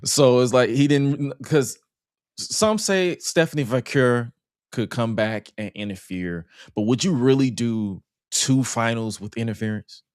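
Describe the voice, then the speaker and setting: A man's voice: medium pitch, unhurried, clear, resonant tone, no room sound, clean studio sound. A man with a Southern US accent co-hosting a casual wrestling podcast, telling stories and laughing often. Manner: laughs often, animated storytelling. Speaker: podcast co-host.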